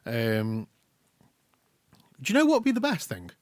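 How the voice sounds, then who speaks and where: English guy chatting on a podcast, acts out quotes, mid pitch, dry mic. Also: no room sound. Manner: animated, acts out quotes in quick bursts. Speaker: podcast co-host. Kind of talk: casual chat.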